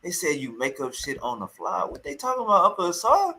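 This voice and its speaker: A male streamer giving loud, teasing reaction commentary, repeating his taunts again and again. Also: high-pitched, huge pitch swings, brisk, creaky, rough recording.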